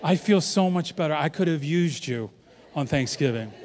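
A man in his fifties from New York, a pastor preaching an animated, joking sermon and leading the congregation in call-and-response. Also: fairly high pitch, moderate pace, a little hiss or hum. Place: large church auditorium. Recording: long hall reverb from a large church.

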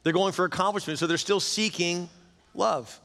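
Earnest pastor in a reverberant church. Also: male voice, high voice, normal speed, vocal fry, a bit bright. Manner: earnest, urging the congregation to act. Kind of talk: sermon. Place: large church auditorium. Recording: hall reverb in a big church.

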